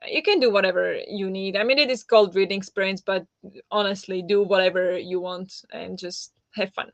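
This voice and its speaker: A woman's voice: mid-range voice, fairly even intonation, normal speed, no echo, dull audio. A woman hosting a casual livestream chat, talking with lots of fillers and reacting to viewer comments. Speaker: livestream host.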